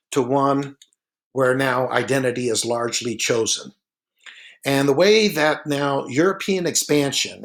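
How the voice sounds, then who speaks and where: A man recording a narrated slideshow lecture, his voice sitting at an ordinary middle pitch. He explains at an easy pace, filling pauses with "uh" and drawing out key words slowly to stress them. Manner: relaxed and explanatory, with frequent "uh" fillers.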